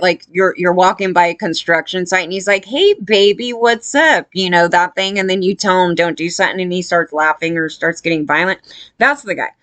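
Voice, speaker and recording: A woman's voice: lowish voice, fairly bright tone, dry recording. A woman giving casual, blunt commentary, rambling with lots of fillers and sounding disgusted.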